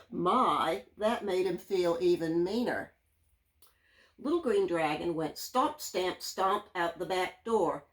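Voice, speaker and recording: A woman teacher reading a children's story aloud, gentle and drawn out, leaning into the sound words. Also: mid-range voice, poor audio.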